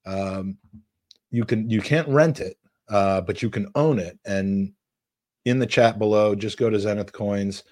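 A man's voice: fairly low pitch, measured pace, darkish tone, no room sound, studio quality. A man hosting a podcast, reading listener questions and praising his co-host with enthusiasm. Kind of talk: casual podcast chat.

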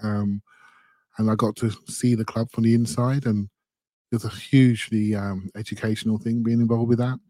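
A man's voice: fairly low pitch, flat delivery, normal speed, warm tone, dry recording. A man co-hosting a podcast, telling a story in an earnest, chatty way. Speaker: podcast co-host. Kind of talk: casual podcast chat.

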